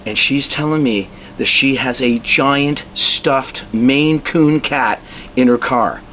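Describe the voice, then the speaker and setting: A man who is a local musician, telling a casual anecdote in an animated way and acting out the dialogue. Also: medium pitch, slow, a little hiss or hum. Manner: animated storyteller, acts out dialogue, chuckles while telling. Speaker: local musician being interviewed.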